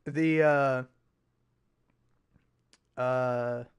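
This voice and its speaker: Profane rambling young man, smooth voice. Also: mid-range voice, fairly even intonation, very slow. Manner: rambling, profane, self-mocking storytelling with frequent restarts. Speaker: podcast host. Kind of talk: casual chat.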